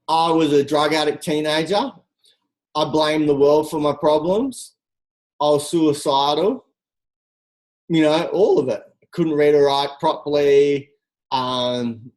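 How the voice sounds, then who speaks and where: Energetic motivational coach. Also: mid-range voice, low-quality recording. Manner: energetic, direct, full of rhetorical questions. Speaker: team coach. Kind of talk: motivational talk on a group call.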